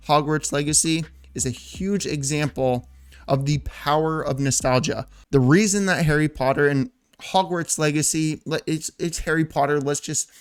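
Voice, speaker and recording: A man's voice: on the high side, smooth. A man in his thirties talking casually as a gaming YouTuber, rambling and filling his talk with "like" and restarts. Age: 30s. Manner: rambling, filler-heavy, self-interrupting. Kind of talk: casual vlog commentary.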